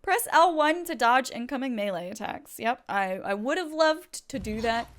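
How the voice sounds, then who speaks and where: A young woman streaming a video game, chatting directly to her viewers in a chatty, excitable way. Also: on the high side, moderate pace. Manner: chatty, addresses chat directly; excitable, gushing. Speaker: Twitch streamer. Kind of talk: casual live-stream chat while gaming.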